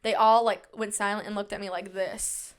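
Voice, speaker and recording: A woman's voice: mid-range voice, little pitch movement, normal speed, clear, resonant tone. A young woman hosting her own podcast, talking casually and at length, full of fillers and self-reassurance, shy and introverted by her own account. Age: young adult. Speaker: podcast host. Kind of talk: casual solo podcast chat.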